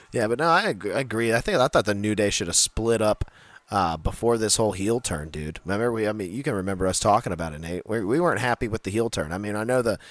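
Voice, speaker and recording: A man's voice: lowish voice, a bit bright, no room sound. A man co-hosting a casual wrestling podcast, rambling with many fillers and frequent laughs. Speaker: podcast co-host.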